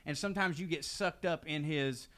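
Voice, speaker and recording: A man's voice: fairly high pitch, moderate pace, a bit bright. Rambling man, tipsy podcast banter. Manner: rambling, profane, doing voices of people he quotes. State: drinking, tipsy. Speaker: podcast co-host. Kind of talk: casual storytelling chat.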